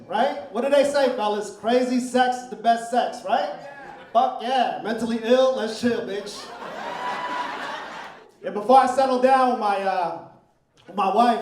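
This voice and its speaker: Middle-aged male stand-up, crude and chatty crowd worker, high voice, roomy live club sound. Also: darkish tone, distant mic, a little hiss or hum. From Philippines heritage. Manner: brash, crude, conversational crowd work. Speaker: stand-up comedian. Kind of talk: stand-up comedy set. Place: comedy club stage, live audience.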